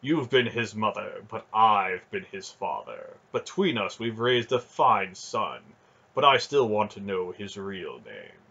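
Storybook villain: a man doing a scarred sorcerer priest, slow and mocking, husky tone, dull lo-fi sound. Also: lowish voice, animated, pushed and bright, full character voice.

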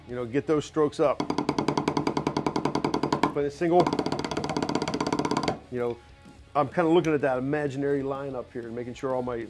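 A middle-aged man giving a drum clinic in a recording studio, talking loosely and casually with lots of "you know" fillers. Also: mid-range voice.

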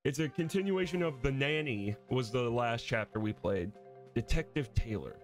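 Excitable young man narrating a game. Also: medium pitch, normal speed, faint music behind. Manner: excitable, chatty, laughs easily. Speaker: gaming video host. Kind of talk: casual let's-play commentary.

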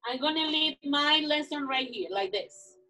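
A woman's voice: high voice, animated, normal speed, low-quality recording. A woman teacher, cheerfully praising young children and telling them she will be back soon. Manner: loud, cheerful praise and reassurance. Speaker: preschool teacher. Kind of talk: classroom instruction to young children.

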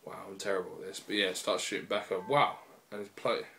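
A man's voice: low-pitched, fairly even intonation, fast, fairly bright tone, a little hiss or hum. A man giving a casual, rambling spoken review on a laptop mic, peppered with fillers and swearing. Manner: rambling and profane, full of fillers. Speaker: video reviewer.

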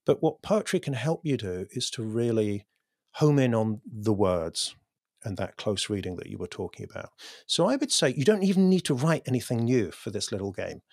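Guy chatting in an interview, thinks out loud, restarts a lot, dead dry mic. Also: mid-range voice, lively intonation, normal speed, no room sound. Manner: thoughtful, with frequent restarts. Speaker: podcast guest, poet. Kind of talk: casual interview talk.

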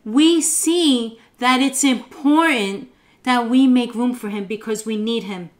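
A woman co-hosting a devotional podcast, speaking earnestly and reading scripture aloud in a measured way. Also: fairly high pitch. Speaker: podcast co-host.

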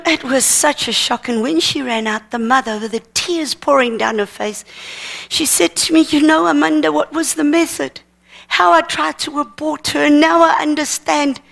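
A woman preaches at a seminar, telling a story earnestly and acting out the dialogue. Her voice sits a little high for a woman. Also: a little slow, creaky, fairly bright tone. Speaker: minister teaching at a seminar. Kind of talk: sermon testimony storytelling.

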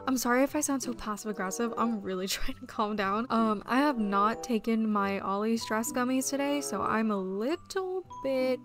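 A young woman giving casual, chatty commentary while playing a game, excitable and quick to get frustrated. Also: fairly high pitch, music in the background. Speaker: game streamer.

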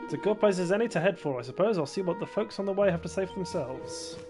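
Over game music, a let's play host with a high, expressive voice jokes his way through a game at a fast clip, reading the dialogue aloud as gameplay commentary.

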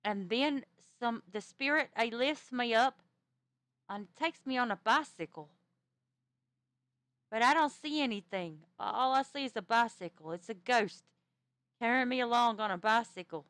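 Animated woman telling a ghost story. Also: fairly high pitch, measured pace, smooth, dry recording. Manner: animated, stammering restarts. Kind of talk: casual in-character storytelling.

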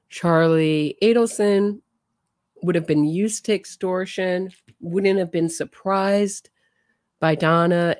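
A woman's voice: lowish voice, a little mellow, no room sound, clean studio sound. A woman hosting a true crime show, casually commenting and thinking aloud as she talks to her viewers.

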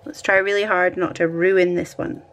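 A woman's voice: lowish voice, level tone, moderate pace, slight background noise. A Scottish woman vlogging at home, chatting and thinking aloud while she decorates her planner, often poking fun at herself.

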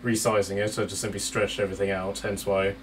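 A man's voice: on the low side, level tone, fast talker. A man narrating as game master of a tabletop game, loose and rambling with many fillers, on a distant mic with faint noise.

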